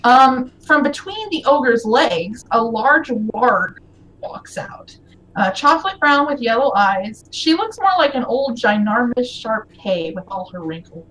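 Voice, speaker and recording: A woman's voice: fairly high pitch, lively intonation, measured pace, a bit bright, distant mic, a little hiss or hum, poor audio. A woman narrating a tabletop game as game master, casual with frequent fillers.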